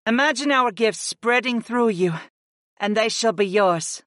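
A man voicing a calm, commanding dark-winged goddess in an audiobook, urging in a steady way. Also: sits high, unhurried, no echo, studio quality, pitched above the performer's own voice. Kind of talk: audiobook character voice.

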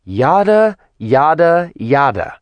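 A woman's voice: lowish voice, expressive, a little mellow, no echo, dull audio, pitched above the performer's own voice, lightly acted. A male narrator voicing a sarcastic young woman fighter who mocks her enemies. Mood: bored mocking. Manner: mocking, quick wisecracks.

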